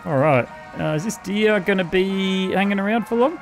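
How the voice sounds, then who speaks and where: A high-voiced Australian gaming host speaks at a moderate pace over soft background music. His let's-play commentary is laid-back and profane, and he chats with the characters in the game.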